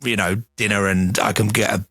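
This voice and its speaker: A man's voice: fairly low pitch, flat delivery, brisk, bright, forceful tone, breathy edge, no room sound. A man who works as a radio presenter, chatting in a friendly, self-deprecating way on a podcast. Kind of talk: casual chat.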